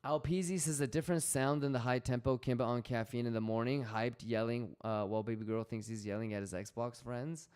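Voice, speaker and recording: A man's voice: mid-range voice, fairly even intonation, a little fast, hardly any pauses, a little mellow, clear, resonant tone. A man hosting a casual trading livestream, slangy and swearing freely as he reads out chat messages.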